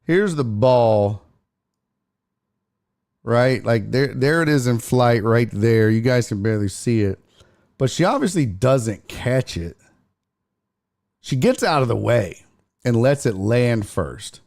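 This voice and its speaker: Animated, profane sports talk host. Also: male voice, medium pitch, takes it slowly, vocal fry, pauses often. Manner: profane, animated, reads chat aloud. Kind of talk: casual livestream commentary.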